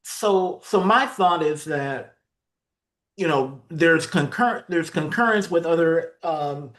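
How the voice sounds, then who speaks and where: A man leads a committee discussion, picking his words slowly with frequent pauses. His voice sits a little high, and he slips in dry humor. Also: animated, a bit bright. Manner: measured, hesitant, with dry humor. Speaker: committee chair. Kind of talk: meeting discussion.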